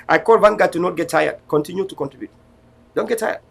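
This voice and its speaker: Here an online show host from Cameroon talks in a high, creaky register. He gives a heated, defiant political address, drifting into sermon-like preaching and returning to the same rallying calls.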